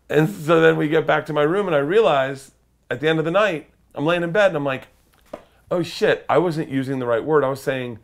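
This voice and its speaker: A man, a comedian guest, telling animated profane stories and acting out the other people's voices. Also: a little high, a little fast, creaky. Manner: lively, profane, acts out voices. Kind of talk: animated storytelling.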